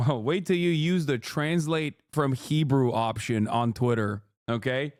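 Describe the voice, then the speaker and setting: A man's voice: mid-range voice, unhurried, hardly any pauses, no echo, clean studio sound. A man in his thirties streaming a reaction, ranting heatedly with profanity and sarcastic mimicry. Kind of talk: livestream reaction commentary.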